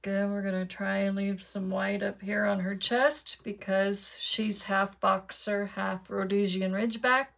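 A woman's voice: medium pitch, little pitch movement, measured pace, vocal fry, hardly any pauses, fairly bright tone. A woman chatting casually to her viewers while she demonstrates card making at her craft desk.

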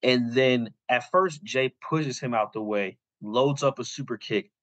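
A man's voice: mid-range voice, a little slow, a bit bright, no echo, low-quality recording. A young adult man co-hosting a podcast, recapping a story in casual, rambling talk full of "like" fillers. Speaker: podcast co-host.

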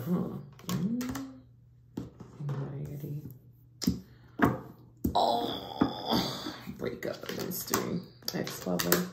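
This woman gives an unhurried, casual tarot reading, her voice low and gravelly. Her delivery jumps from quiet whispering to sudden excitement, while steady noise hums behind her in a room that echoes.

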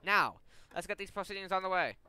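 A man voicing a loud, bossy male judge who barks orders in a courtroom, narrating a game playthrough. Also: high-pitched, a little fast, a little hiss or hum, voice pushed up. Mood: stern, shouting. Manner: barking orders, shouting for order.

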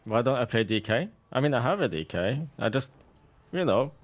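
A man's voice: medium pitch, lively intonation, moderate pace. A man streaming a game, giving casual, sarcastic commentary with a salty edge.

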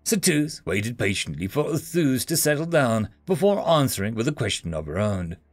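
A man narrating a science-fiction story in an expressive reading style. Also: mid-range voice, moderate pace, dry recording, soft background music.

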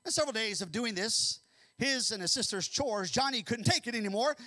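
Male Midwestern American pastor, high-pitched and animated, preaching with big dynamic swings. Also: quick pace. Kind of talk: sermon.

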